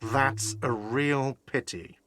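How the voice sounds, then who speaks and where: An actor playing an irritable café manager in a game, curt and exasperated. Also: male voice, mid-range voice, takes it slowly, a bit bright, a little hiss or hum. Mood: irritated.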